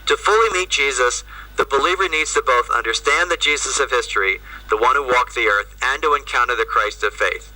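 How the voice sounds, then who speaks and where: A priest gives a talk over a video call, his voice very bright and cutting. He sounds set back from the microphone, and the call audio comes through thin. He speaks conversationally, tossing in "right?" and "you know" as he explains. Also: mid-range voice, brisk, far from the mic, low-quality recording. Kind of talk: lecture to an audience.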